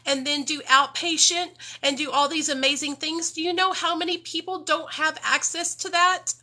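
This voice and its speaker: Speaking to her livestream viewers, a woman talks emotionally and bluntly about recovery, swearing freely and addressing them as y'all. Her voice sits high and bright, with a steady, forceful tone at normal speed, in unscripted livestream talk.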